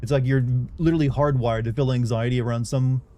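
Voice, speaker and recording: A man's voice: mid-range voice, fairly even intonation, quick pace, dark tone. A young man chatting casually on a livestream, rambling and candid as he talks to his viewers.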